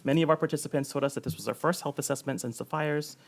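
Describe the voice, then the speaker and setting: A man's voice: fairly high pitch, fairly even intonation, creaky, background noise. A man reading prepared testimony at a public hearing. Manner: reads quickly from a prepared statement.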